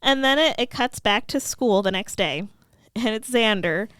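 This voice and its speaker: On a casual podcast, a woman recaps a TV episode in a clean, slightly bright, high-ish voice with lively intonation, recorded dry with clean studio sound. She acts out the characters' lines in quick bursts and laughs often.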